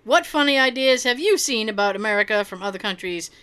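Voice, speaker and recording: High, sparkly woman host, lots of laughs, casual swearing, reading listener stories. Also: expressive, fast talker, pushed and bright, smooth. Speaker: podcast co-host.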